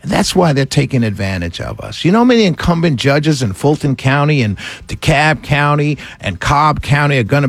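A man's voice: mid-range voice, creaky, slightly rough. A man hosting a radio talk show, ranting in an incredulous, sarcastic way. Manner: animated, incredulous, ranting with sarcastic quoted voices and laughs. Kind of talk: opinionated radio monologue.

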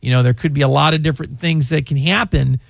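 A man's voice: on the high side, steady tone, quick pace, gravelly, no room sound, studio quality. A man hosting a call-in radio show about legal questions, talking in a chatty, emotional way and often stumbling over his words. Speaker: radio show host and lawyer.

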